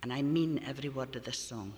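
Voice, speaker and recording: A woman's voice: a bass voice, fast talker, a little mellow, big-room sound, a little hiss or hum. A woman folk singer speaking from the stage at a live concert, choked up as she makes a heartfelt dedication.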